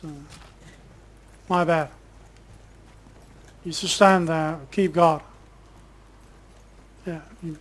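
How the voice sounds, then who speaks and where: A man commentating his own gameplay in a relaxed, casual way, bantering sarcastically with game characters and swearing when annoyed. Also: on the high side. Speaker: gamer streamer.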